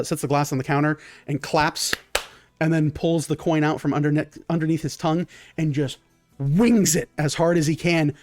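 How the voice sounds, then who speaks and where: A man's voice: on the high side, a little mellow, dry recording. A man narrating a tabletop game as game master, improvising vivid descriptions.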